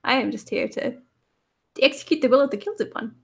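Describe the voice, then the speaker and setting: Tiny copper robot servant, cute robotic voice, high and eager, polite and dutiful, put on by a woman. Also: normal speed, gravelly, husky, full character voice. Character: tiny cheerful male copper automaton servant.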